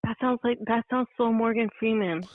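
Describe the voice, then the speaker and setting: A woman's voice: on the high side, normal speed, narrow, tinny audio, a little hiss or hum. A woman guest in a casual podcast chat, talking in a chatty way with lots of "like" and casual swearing. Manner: chatty, frequent "like", swears freely.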